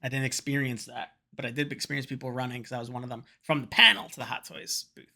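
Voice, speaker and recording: A man's voice: mid-range voice, flat delivery, fast talker, bright, forceful tone. A man vlogging, telling a rambling, profane story in a casual chat to camera and slipping into quoted voices.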